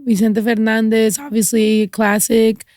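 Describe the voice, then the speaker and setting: A woman from Mexico, a podcast guest, chatting in a frank, animated way with casual swearing. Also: on the high side, unhurried, dry recording, studio quality. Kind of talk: casual chat.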